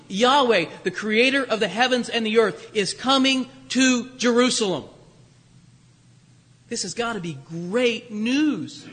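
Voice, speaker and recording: Bright-voiced male preacher in a hall. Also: extremely high pitch, husky. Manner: conversational preaching, rising for emphasis. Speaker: pastor. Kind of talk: sermon.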